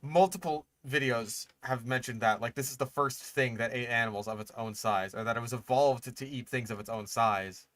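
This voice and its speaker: A young man reacting on a stream, exasperated and sarcastic, swearing freely as he picks things apart. His voice sits at a medium pitch and sounds close and dry, with no room around it. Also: a little fast, hardly any pauses, fairly bright tone, dry recording. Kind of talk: casual reaction commentary.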